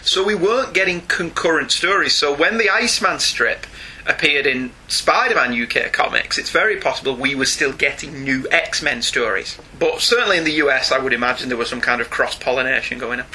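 A man's voice: medium pitch, bright, forceful tone, slight background noise. A middle-aged British man co-hosting a podcast, reading out listener emails in a chatty manner with frequent laughs. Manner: chatty, slows down and laughs often. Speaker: podcast co-host.

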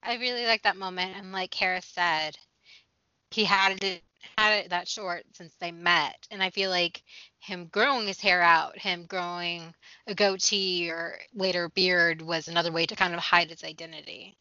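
Woman guest on a podcast, bright tone, dry muffled mic. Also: fairly low pitch, steady tone, normal speed, clear, resonant tone, dry recording. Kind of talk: casual podcast chat.

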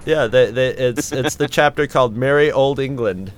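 A man's voice: medium pitch, normal speed, slight background noise. An American man co-hosting a casual comedic chat, joking around and often restarting his sentences. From United States.

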